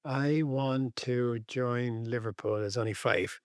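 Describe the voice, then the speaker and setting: A man's voice: mid-range voice, slow, no room sound, clean studio sound. A man co-hosting a football podcast, chatting in a laid-back way with wry teasing. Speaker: podcast co-host. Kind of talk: casual football chat.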